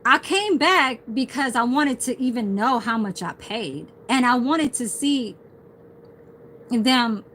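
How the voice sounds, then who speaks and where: A woman's voice: on the high side, lively intonation, takes it slowly, a bit bright, slight background noise, rough recording. Rambling foul-mouthed woman livestreaming. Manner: heavy swearing, rambling storytelling. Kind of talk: casual livestream rant.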